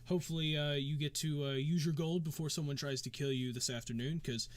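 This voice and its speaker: A man voicing a fussy, apologetic male tournament clerk who speaks haltingly. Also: fairly high pitch, steady tone, no echo, natural voice. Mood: formal. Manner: hesitant, halting.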